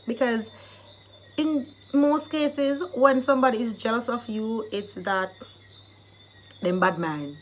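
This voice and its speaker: A woman with a Jamaican accent who teaches Jamaican phrases in a casual vlog, explaining them and acting them out in lively bursts. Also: fairly high pitch, slow, slight background noise.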